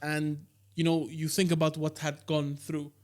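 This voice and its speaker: A man's voice: a little high, completely flat delivery, unhurried, darkish tone. A young man co-hosting a podcast, talking emphatically in casual chat. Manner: emphatic, says bro a lot.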